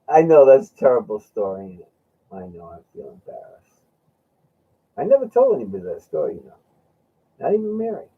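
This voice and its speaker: Husky-voiced male host, lively pitch, lo-fi sound, chatty rambling storyteller. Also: a little fast, pauses often. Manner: rambling, laughing, acts out friend's lines. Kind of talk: casual storytelling chat. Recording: dull lo-fi sound.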